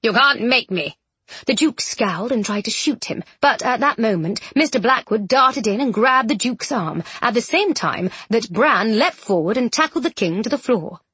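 A woman reads an audiobook in a steady storytelling voice. Her tone has a husky grain. The sound is close and dry. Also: fairly high pitch, moderate pace, hardly any pauses, no room sound. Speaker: audiobook narrator. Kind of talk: scripted narration.

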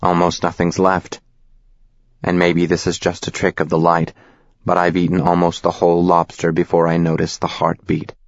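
A man reading a novel aloud as narrator, in a deadpan, measured, wry manner. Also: deep voice, no room sound. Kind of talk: scripted audiobook narration. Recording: slightly dull, dry recording.

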